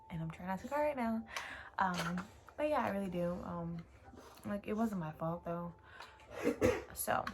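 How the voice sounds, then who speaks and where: A young woman vlogger telling a story in a casual, emotional way, with lots of fillers and casual swearing. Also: on the low side. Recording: clear background noise.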